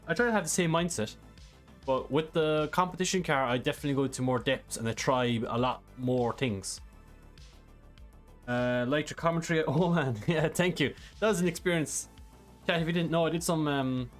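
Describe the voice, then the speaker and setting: Soft music plays behind a sim racing streamer whose voice sits a little high and moves fairly fast. He answers chat questions and walks through a track in a loose, rambling way, full of filler words.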